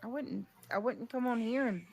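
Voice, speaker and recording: Gravelly-voiced woman in a dry, close recording. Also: fairly high pitch, normal speed, a little mellow, no room sound, soft background music. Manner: laughing, teasing. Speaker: livestream host in clip. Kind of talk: casual livestream chat.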